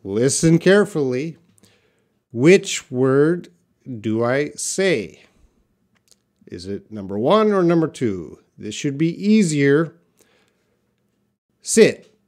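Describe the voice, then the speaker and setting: A man's voice: on the high side, big pitch swings, slow, darkish tone. A man teaching a live online English pronunciation lesson, stretching out example words and chatting casually with viewers.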